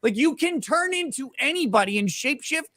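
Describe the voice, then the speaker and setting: A man's voice: very high voice, expressive, brisk, sharp tone, no echo, studio quality. A man ranting crudely and mockingly on a live comedy talk show, throwing in silly character voices. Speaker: podcast co-host.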